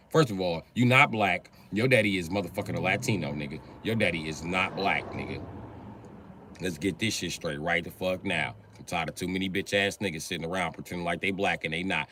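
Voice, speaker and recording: A man's voice: deep voice, fairly quick, sharp tone, slight background noise. A man hosting a livestream who talks in a heated, crude, combative rant. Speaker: livestream host. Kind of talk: profane live-stream rant. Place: livestream setup.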